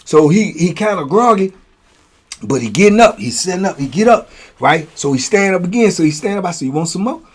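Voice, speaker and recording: A man telling stories from prison in a casual, animated way, acting out blows with sound words. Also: sits high, fairly quick, breathy edge. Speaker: storyteller, host.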